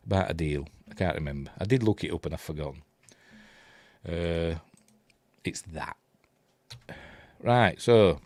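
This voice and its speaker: Rambling Yorkshire man, low voice. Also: no room sound, clean studio sound. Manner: rambling, chatty, with many fillers and unsure asides. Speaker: host. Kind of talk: casual live film commentary.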